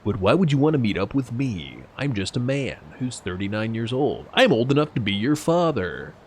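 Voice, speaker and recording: A man voicing a modest, kind middle-aged man in a video game, speaking flatly and reluctantly. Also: mid-range voice, normal speed, slight background noise, close to an everyday voice.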